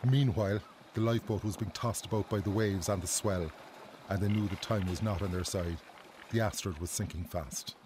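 A man narrating a documentary in a measured, even storytelling manner. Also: fairly low pitch, noisy background. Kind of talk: scripted narration.

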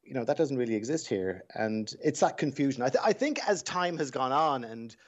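A man working as a voice coach, explaining things in a measured way during a phone-in radio interview. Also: mid-range voice, lively intonation. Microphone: phone line. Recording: dull phone-line sound.

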